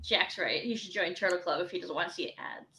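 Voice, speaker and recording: A woman's voice: fairly low pitch, fairly quick, bright, forceful tone. A woman co-hosting a live talk show, chiming in with short remarks. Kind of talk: casual chat.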